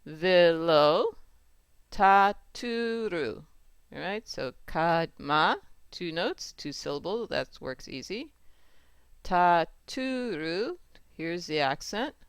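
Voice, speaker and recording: Unhurried teacher going over chanting rules, smooth clear voice, dry close mic. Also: mid-range voice, expressive, a bit bright, dry recording. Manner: patient, repeats rules and checks with "right?". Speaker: teacher of Torah cantillation. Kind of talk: step-by-step lesson with sung examples.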